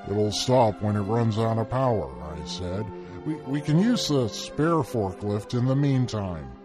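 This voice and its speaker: A man's voice: fairly low pitch, expressive, measured pace. A man reading his own short first-person story in a dry, matter-of-fact way. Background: music.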